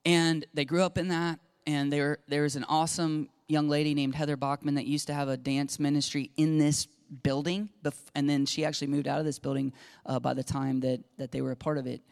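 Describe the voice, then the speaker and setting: A middle-aged man preaching a sermon, telling a story with lively acted-out dialogue. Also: on the high side, brisk, clean tone. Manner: animated storytelling, acting out dialogue. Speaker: pastor. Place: church sanctuary.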